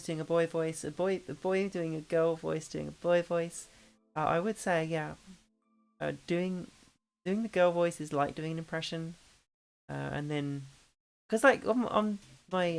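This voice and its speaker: A woman's voice: lowish voice, normal speed, faint music behind. A woman streaming and chatting casually with viewers, rambling with lots of fillers and restarts. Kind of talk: casual chat with chat readers. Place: home streaming setup.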